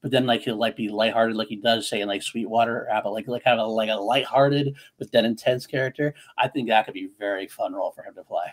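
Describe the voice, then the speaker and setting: A man co-hosting a casual movie chat, animated and quick to laugh. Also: fairly low pitch. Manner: animated, laughs often, many restarts. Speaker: co-host of a movie podcast.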